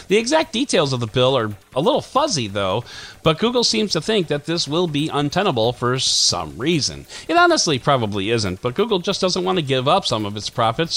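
A man's voice: a little high, a bit bright. A man in his forties hosting a tech podcast, reading a scripted news roundup with puns and self-mocking asides.

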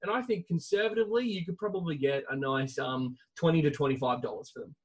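Man doing a deadpan menacing killer. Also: on the high side, fast, husky. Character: menacing man posing as a notorious cult leader. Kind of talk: improvised comedy sketch.

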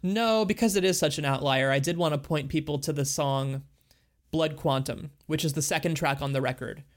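A man's voice: a little high, moderate pace. A man co-hosting a casual music podcast, talking thoughtfully and at length about songs. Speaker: podcast co-host.

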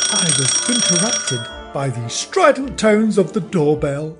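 A man's voice: high-pitched, very animated, measured pace, few pauses, loud music behind the voice. A man telling a comic story as a podcast host, in a wry, theatrical, mock-indignant way.

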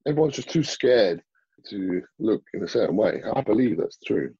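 A man's voice: lowish voice, sing-song, moderate pace, mellow, husky, no room sound, highs cut off. A man talking as a bodybuilder guest in a casual interview, blunt and swearing freely.

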